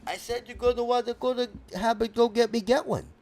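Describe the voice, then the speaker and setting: Dude doing a whiny guy w/ a speech impediment, high voice, words all jumbled, super touchy. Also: very animated, slight background noise. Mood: insistent. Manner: garbled, mixed-up words, touchy and quick to take offense. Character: whiny adult male guest with a speech impediment. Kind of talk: comedic character sketch.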